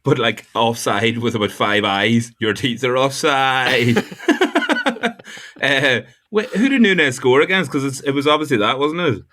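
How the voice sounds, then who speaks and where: A man's voice: mid-range voice, normal speed, hardly any pauses, a bit bright. An Irish man chatting casually on a podcast, joking and laughing often. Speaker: podcast panelist. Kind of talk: casual chat.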